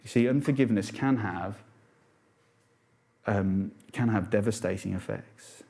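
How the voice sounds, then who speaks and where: A man's voice: on the low side, unhurried, warm tone. A man preaching a sermon to a congregation in an earnest, unpolished way, asking rhetorical questions with some fillers and restarts.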